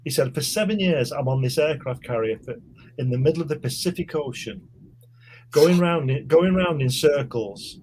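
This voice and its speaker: A man's voice: a little high, animated, moderate pace, a little mellow, a little hiss or hum. A man telling stories in casual podcast chat, rambling and repeating words as he goes.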